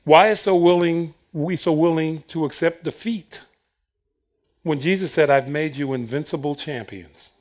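Male preacher, high voice, unhurried delivery, animated storytelling sermon. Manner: animated, acts out Bible quotes with laughter.

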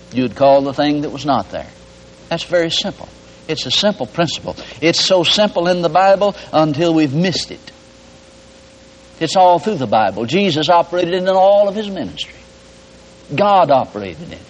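A man's voice: on the high side, a little hiss or hum. A man preaching a radio sermon, folksy and homespun, with emphatic rising calls. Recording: dull lo-fi broadcast audio.

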